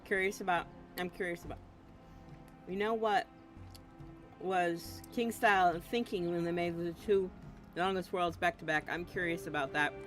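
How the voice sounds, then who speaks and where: A woman chatting loosely as she streams a game, giggling and hopping from one thought to the next. Her voice is bright and forward, and she mumbles little "yum" and "nom" sounds while she snacks. Faint music plays underneath. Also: fairly low pitch, steady tone, moderate pace. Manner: rambling, giggly, jumps between topics. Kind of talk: casual gameplay chatter.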